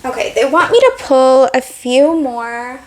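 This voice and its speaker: A woman's voice: high-pitched, measured pace. A woman giving a casual tarot reading, slightly out of breath, rambling with lots of "like" and restarts. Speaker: tarot reader.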